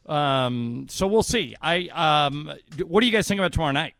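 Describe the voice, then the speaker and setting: A man's voice: on the high side, lively intonation, a little fast, a bit bright, no room sound. A man co-hosting sports talk radio, arguing his view and building it up with statistics. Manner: argumentative, builds points with statistics. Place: radio studio.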